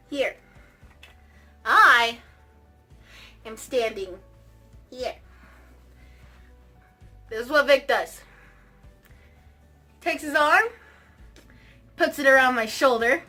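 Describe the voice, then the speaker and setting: A young woman with a high, bright voice recounts a personal story straight to camera. She is theatrical and comic, swinging between hushed asides and excited exclamations. Light music plays quietly underneath. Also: drawn-out words, long pauses. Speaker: vlogger. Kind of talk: animated storytime vlog.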